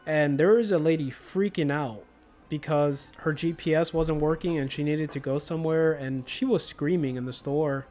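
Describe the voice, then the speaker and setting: A man's voice: on the high side, normal speed, a little mellow, soft background music. A young man livestreaming a game, chatting casually and telling stories in a laid-back way with slang. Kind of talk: casual chat while gaming.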